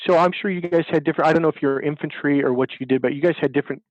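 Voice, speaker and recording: This dating coach races through his stories in a slightly high voice, putting on the voices of the characters with real emphasis during a lively interview. There's no room sound at all, and the quality is like a phone call.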